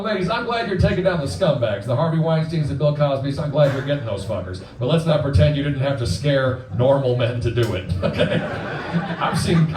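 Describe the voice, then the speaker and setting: On stage at a comedy club, a stand-up comedian in his forties works a live crowd with a crude, punchy set, slipping into quick character voices. His voice is mid-range. The roomy club, the distant pickup, and the laughing audience all add background noise.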